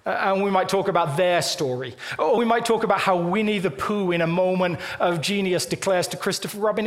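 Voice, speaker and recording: A man preaching a sermon in a church, talking in a conversational, animated way and acting out little quoted lines. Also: high voice, moderate pace. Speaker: pastor. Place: church auditorium.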